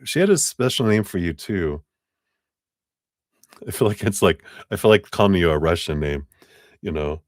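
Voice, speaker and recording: A man's voice: low-pitched, animated, normal speed, dry recording, studio quality. A man giving a chatty live tarot reading, laughing often as he talks. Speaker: tarot reader.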